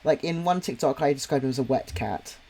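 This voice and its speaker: Speaking fairly quickly in a creaky, slightly mellow voice of medium pitch, a young man draws on his livestream and casually chats, reading viewers' comments with many ums. He rambles in a friendly way, restarting often. There's a little hiss or hum on the recording.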